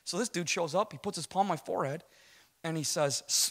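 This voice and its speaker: A middle-aged man giving an animated testimony to a church audience, telling his story casually and acting out what people said. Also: fairly high pitch, a little fast. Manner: storytelling, acts out quotes, casual slang. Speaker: guest speaker giving a testimony.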